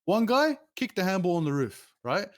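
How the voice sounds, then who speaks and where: A man, a streamer telling rambling, animated stories as an interview guest. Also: moderate pace. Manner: animated, rambling, with sudden pitch jumps. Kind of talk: casual storytelling.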